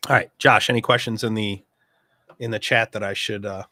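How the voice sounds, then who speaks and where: A middle-aged man with a lowish but bright, forceful voice hosts a casual livestream. He talks in an earnest, rambling way, stacking up asides and restarts. The sound is close and dry, with no room around it. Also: fairly even intonation, fairly quick, no room sound. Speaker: host.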